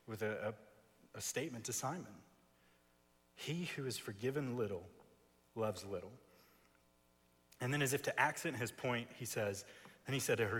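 Male preacher, husky mid-range voice, emphatic expository sermon, long chapel reverb. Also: medium pitch, fairly bright tone. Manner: emphatic, builds with repeated phrases. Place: seminary chapel.

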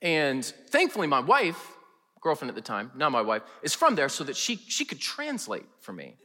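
A male pastor preaching a sermon in a chapel, telling funny stories with lively, animated delivery. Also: on the high side, normal speed, long reverb tail. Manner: animated, humorous storytelling. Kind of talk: sermon with storytelling. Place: large chapel.

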